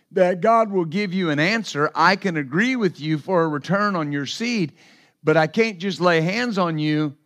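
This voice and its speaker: A man's voice: fairly high pitch, fairly bright tone. A man preaching a sermon as pastor, emphatic and repetitive, with asides to the congregation.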